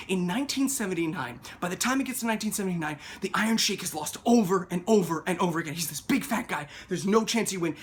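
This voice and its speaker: Fast-talking man on a comedic rant. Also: sits high, slight background noise. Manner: fast, animated, shouting mock quotes.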